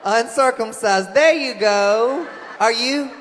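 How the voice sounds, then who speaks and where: A male stand-up comedian doing brash, teasing crowd work, often shouting his punchlines. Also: very high voice, slow pace. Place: comedy venue with a live audience. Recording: live stage mic, loud crowd noise.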